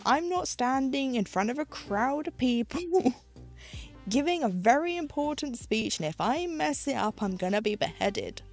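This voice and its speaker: Here a British woman from the UK, stitching at home, talks casually to her viewers in a chatty, rambling way full of "like" and self-aware humour. Her high voice has a sing-song lilt and an unhurried pace, and soft music plays in the background.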